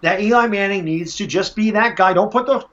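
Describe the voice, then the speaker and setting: Excitable man on a dull lo-fi mic. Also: sits high, brisk. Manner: frustrated, animated, acts out fans and coaches. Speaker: sports podcast host. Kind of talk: casual sports chat. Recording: dull lo-fi audio.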